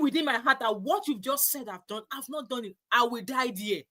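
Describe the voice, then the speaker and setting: A woman's voice: fairly high pitch, fairly quick, a bit bright. A woman hosting a casual panel chat, emphatic and repeating herself. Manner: emphatic, repeats herself, rises when stirred. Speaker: host.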